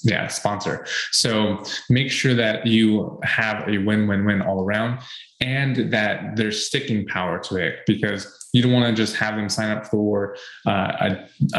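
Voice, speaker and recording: A man with a lowish voice talks through business tips in an earnest, casual way, circling back to his points with ums and uhs. His voice rings a little in an echoey room. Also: a bit bright. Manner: earnest, repeats points with fillers. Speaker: podcast co-host. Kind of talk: casual advice chat.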